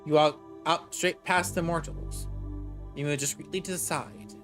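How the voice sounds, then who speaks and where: Man reading a game aloud, slightly high voice. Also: steady tone, moderate pace, fairly bright tone, soft background music. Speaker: game streamer. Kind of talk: reading a visual novel aloud.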